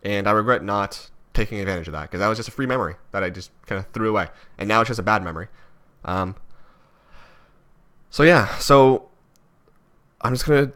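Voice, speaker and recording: A man's voice: fairly low pitch, a little fast, fairly bright tone. Rambling, self-critical young man. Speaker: vlogger. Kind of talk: reflective personal vlog.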